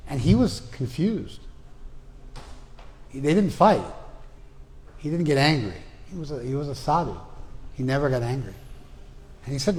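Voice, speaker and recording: A man's voice: mid-range voice, sing-song, moderate pace, long pauses, slight background noise. A man teaching a spiritual class, telling a traditional story in a casual, conversational way with personal asides. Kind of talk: storytelling lecture. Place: class room in a hall. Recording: long hall reverb.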